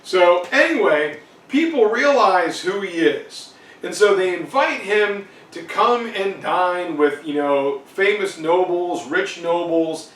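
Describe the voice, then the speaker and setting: A man's voice: fairly high pitch, fairly bright tone. A man teaching an exam review lecture in a casual, digressive way with many fillers. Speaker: history teacher. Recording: roomy, distant mic, faint noise.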